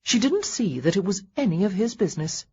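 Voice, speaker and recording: A woman narrating an audiobook in a wry, expressive storytelling manner. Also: medium pitch, a little fast, breathy edge, dull audio. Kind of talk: scripted narration.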